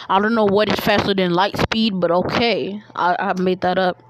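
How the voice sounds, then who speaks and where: A woman's voice: medium pitch, fairly even intonation, normal speed, few pauses, very noisy. A woman casually telling a made-up fan story, rambling and slangy with many fillers.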